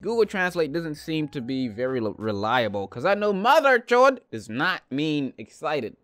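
A YouTuber man reading out comments, answering them with sarcastic, deadpan jokes. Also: a little high, normal speed, heavy background noise.

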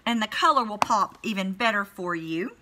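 A woman's voice: medium pitch, lively intonation, normal speed, noisy background. A middle-aged woman with a Southern American accent, chatting casually on a beauty live stream and greeting viewers by name. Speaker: beauty vlogger live-streaming lipstick swatches.

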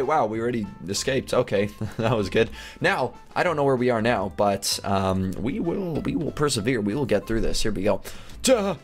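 A young man hosting a game video, giving jokey, animated play-by-play with sudden excited yelps. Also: medium pitch, moderate pace, faint music behind. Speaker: gaming video host. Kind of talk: casual game commentary.

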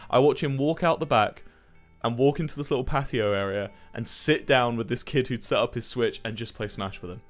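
A young man chatting casually to his stream viewers, telling stories in a rambling, animated way with plenty of swearing. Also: mid-range voice.

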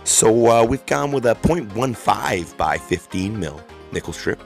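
A man calmly explaining a DIY build, easygoing and a bit hesitant, stumbling over tricky words. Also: on the low side, measured pace, creaky, soft background music. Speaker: DIY maker. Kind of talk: casual how-to narration.

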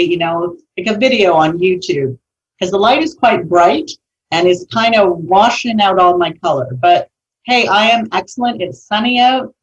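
Low-voiced woman co-host, dull sound. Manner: relaxed, conversational. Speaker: podcast co-host. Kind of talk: podcast hosting. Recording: dull audio, distant from mic.

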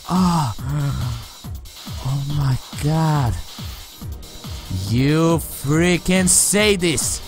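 A man playing a horror game on camera, talking to the game and his viewers, often shrieking and swearing when scared. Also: a little high. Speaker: let's play gamer.

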